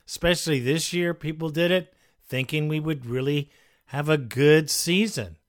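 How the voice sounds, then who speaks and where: A man's voice: on the high side, normal speed. Chummy male sports radio host. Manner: casual, chummy, addresses callers as brother. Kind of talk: sports radio call-in talk.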